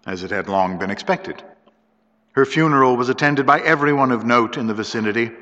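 Bright-voiced man reading a story dramatically. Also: medium pitch. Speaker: narrator. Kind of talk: scripted story narration. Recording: dull lo-fi recording with long hall reverb.

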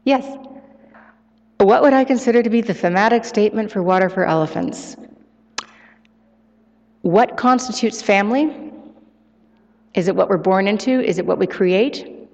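A woman author giving a live, expressive book reading and taking questions in an event hall. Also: mid-range voice, normal speed, gravelly, pauses often. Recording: echoey hall, muffled live sound.

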